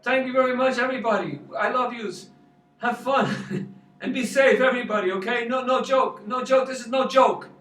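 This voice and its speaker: A man's voice: very high-pitched, moderate pace, a bit bright, roomy sound, distant mic, rough recording. A man from Long Island, a pastor rambling through a personal testimony and repeating his words. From Long Island, New York. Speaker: street pastor. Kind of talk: storytelling testimony.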